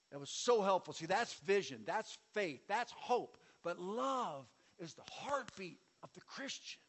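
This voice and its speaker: Male pastor, high voice, sermon with call-and-response, long hall reverb. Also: animated, unhurried, hardly any pauses, fairly bright tone. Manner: preaching with audience call-and-response and sweeping shifts in volume.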